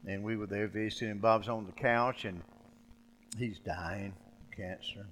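An older man preaching a sermon, folksy and storytelling, swinging between loud preaching and quiet asides. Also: fairly low pitch, fairly even intonation, unhurried, a little hiss or hum. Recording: long hall reverb.

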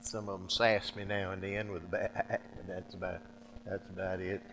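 A man's voice: low-pitched, flat delivery, normal speed, background noise. A man doing a stammering, pitiful shepherd. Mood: self-pitying. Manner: stammering, flustered, self-pitying. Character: downcast stammering male shepherd, once a prince.

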